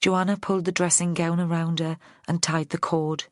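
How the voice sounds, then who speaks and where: Woman audiobook narrator, low voice, measured delivery, dry close sound. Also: little pitch movement, no echo. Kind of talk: scripted narration.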